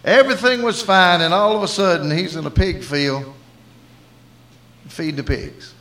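A man's voice: high voice, normal speed, fairly bright tone. A man with a Southern US accent preaching a sermon in a folksy storytelling way. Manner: folksy storytelling, acting out dialogue.

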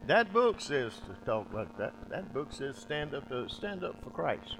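A man preaching a sermon, emphatic and repetitive, his loudness dropping low and swelling back up. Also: big pitch swings, a little slow, over music, rough recording. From United States.

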